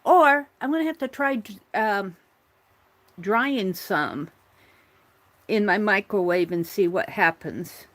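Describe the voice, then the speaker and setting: A woman chats to herself and her viewers while working at her craft table during a casual morning art livestream. Her voice is mid-range and a bit bright.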